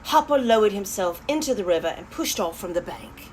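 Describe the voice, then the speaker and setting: A woman's voice: mid-range voice, a little fast, a little hiss or hum. A woman reading a children's story aloud, chatting to her young listeners between passages. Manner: animated, talks to young listeners.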